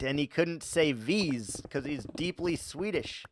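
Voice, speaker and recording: A man's voice: fairly high pitch, unhurried, slight background noise. A man streaming live and chatting casually with his viewers, laughing often and stammering through his reactions.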